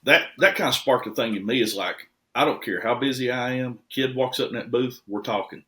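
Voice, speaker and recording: A man, a custom truck shop owner telling stories as a podcast guest in a folksy, animated way. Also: mid-range voice, fairly quick. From Tennessee. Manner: folksy, animated storyteller with lively swings in loudness. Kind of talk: casual podcast storytelling.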